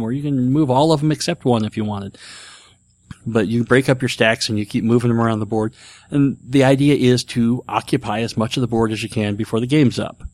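A man's voice: mid-range voice, no echo. A middle-aged man hosting a casual chat, talking enthusiastically and rambling with fillers. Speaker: podcast host. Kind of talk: casual chat about board games.

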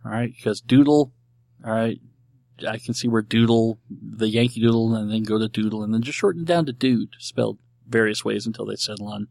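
A man's voice: on the low side, fairly quick, vocal fry, darkish tone, no room sound. A middle-aged man hosting a podcast, talking casually and rambling with amused asides and voiced quotes. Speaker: podcast host. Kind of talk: casual solo podcast monologue.

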